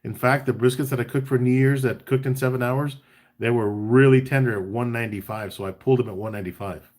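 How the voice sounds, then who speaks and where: A man's voice: mid-range voice, steady tone, quick pace, darkish tone. Laid-back man chatting on a barbecue stream. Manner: laid-back, chatty, reads out viewer comments, swaps between tips and banter. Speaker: barbecue caterer and live chat host. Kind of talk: casual live-stream chat.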